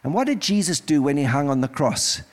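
A man's voice: a little high, very animated, fairly quick. A man preaching as pastor in a church service, earnest and pleading, repeating phrases as he leads an altar call. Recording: music playing behind.

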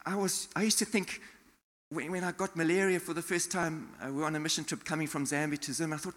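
A man from South Africa preaching a sermon in a church, animated, acting out quotes and laughing often. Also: on the high side, fast. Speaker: pastor. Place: church hall. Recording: long hall reverb.

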